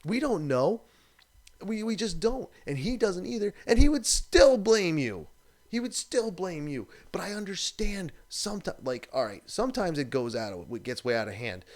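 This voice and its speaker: A man's voice: high-pitched, very animated, normal speed. A man hosting a live stream, ranting in a casual, profane, exasperated way.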